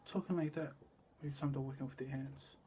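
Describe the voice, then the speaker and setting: A man talking in a rambling, disjointed monologue that jumps between loud and quiet passages and repeats itself. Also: medium pitch, fairly even intonation, quick pace, husky.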